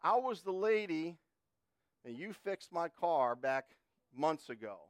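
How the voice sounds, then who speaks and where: A man's voice: on the high side, lively intonation, slow, clear, resonant tone, no echo, clean studio sound. A man quoting a grateful old woman. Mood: quoted.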